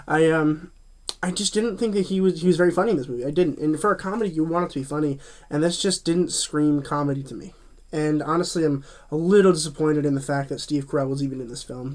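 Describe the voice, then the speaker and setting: A man talks through a film review in a loose, chatty way, his voice sitting a little higher than most men's. He trips over his words, restarts sentences and leans on fillers as he goes. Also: a little mellow. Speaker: movie reviewer. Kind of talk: casual spoken review.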